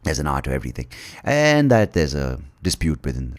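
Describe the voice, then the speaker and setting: A man's voice: extremely low pitch, sing-song, fairly quick. A man from India hosting a podcast, riffing through an irreverent, rambling comic monologue. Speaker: podcast host. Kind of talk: comedic monologue.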